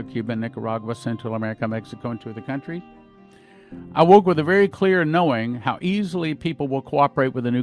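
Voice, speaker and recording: A man hosting a podcast, reading dreams and visions aloud and breaking off with his own asides. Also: mid-range voice. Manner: reads accounts, breaking off with asides. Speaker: podcast host. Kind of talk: reading prophecies aloud with commentary.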